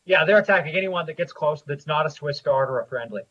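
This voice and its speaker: A game master talking his players through a battle, steady and deliberate. His voice sits a little high and sounds husky. The recording is dull and lo-fi. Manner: measured, with frequent "uh" pauses. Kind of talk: narrating a tabletop game. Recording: dull lo-fi audio.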